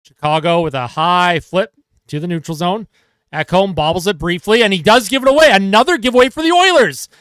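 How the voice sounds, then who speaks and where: Fan commentator, male, high voice, dry close mic; calls plays fast, exasperated and sarcastic. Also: animated, fairly bright tone, clear, resonant tone, no room sound. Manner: fast play-by-play, exasperated and sarcastic at his team. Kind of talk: live fan play-by-play commentary.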